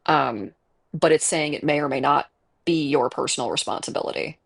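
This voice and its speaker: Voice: medium pitch, moderate pace, vocal fry, fairly bright tone. A game streamer with a Chicago accent, chatting casually and rambling with lots of fillers while playing. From Midwest United States. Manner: rambling and chatty, with many fillers and self-aware laughs. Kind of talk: casual live-stream chat while gaming. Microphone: earbuds with a desk mic setup.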